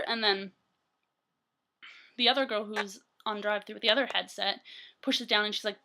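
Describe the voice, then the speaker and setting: A woman's voice: mid-range voice, steady tone, normal speed, long pauses, bright, forceful tone. A young adult woman telling stories casually in a vlog, rambling with many fillers and laughing often. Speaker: vlogger. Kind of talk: casual storytelling.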